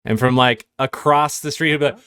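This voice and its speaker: A man hosting a casual group podcast, playful and quick to laugh, running through the show intro. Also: mid-range voice, steady tone, fairly bright tone, clear, resonant tone, no room sound, studio quality. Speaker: podcast host.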